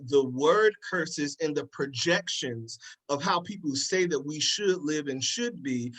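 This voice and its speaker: Male panelist, fairly high voice, fervent preacher-style delivery in live discussion. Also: poor audio. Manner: impassioned, preacherly cadence; repeats "in that respect". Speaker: panel guest speaker.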